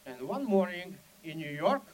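Guy with a thick russian accent, fairly high voice that swings up and down a lot, urgent and pushy, broken english. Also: big pitch swings, moderate pace, a little hiss or hum, poor audio. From Soviet Union. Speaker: Soviet émigré dissident. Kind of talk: impassioned speech.

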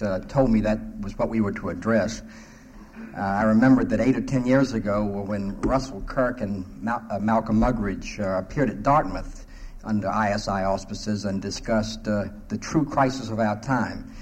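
A man speaking from a panel in a low voice, measured and dryly witty. His formal address moves at a deliberate pace, broken by frequent hesitant pauses, with faint background noise. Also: a little mellow, rough recording. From South Carolina, US.

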